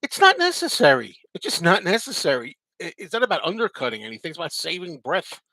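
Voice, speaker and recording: Reading out viewer comments on a casual live chat, a man answers them with rambling asides and plenty of repetition. He talks quickly in a chatty, sing-song voice on the high side, bright and forceful, recorded with no echo.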